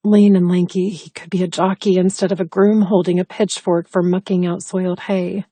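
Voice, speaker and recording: Husky-voiced woman narrating an audiobook. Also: on the low side, level tone, moderate pace, warm tone, dry recording. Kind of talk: first-person audiobook narration.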